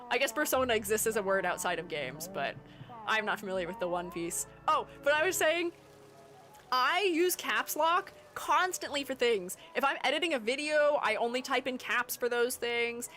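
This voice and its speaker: Lively high-voiced woman streamer. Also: normal speed, faint music behind. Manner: chatty, giggly, reads chat aloud and answers it. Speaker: streamer and artist. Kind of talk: casual live-stream chat while gaming.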